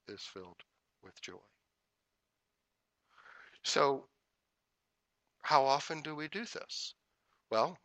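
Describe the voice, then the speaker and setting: A man teaching a spiritual talk, repeating affirmations in a measured rhythm, with folksy humorous asides. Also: medium pitch, pushed and bright, no echo. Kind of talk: inspirational talk.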